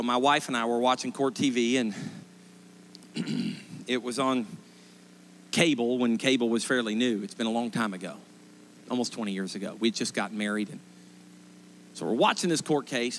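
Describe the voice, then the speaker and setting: A man in his forties, a pastor preaching a sermon, telling stories emphatically and rising to loud impassioned pleas. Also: mid-range voice, moderate pace, pauses often, slight background noise. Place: church sanctuary.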